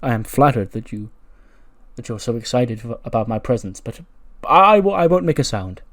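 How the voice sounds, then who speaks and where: A man's voice: sing-song, brisk. Man doing a meek, polite big wrestler. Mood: timid. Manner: polite, hesitant, high and soft. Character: big gentle polite male wrestler, timid.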